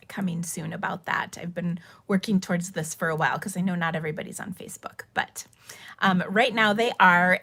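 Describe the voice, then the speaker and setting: Chatty middle-aged woman with a gravelly voice. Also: lowish voice, a bit bright, dry recording. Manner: chatty and rambling, with fillers and laughs. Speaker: craft class host. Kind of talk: casual live-stream chat. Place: home craft room. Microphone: phone camera.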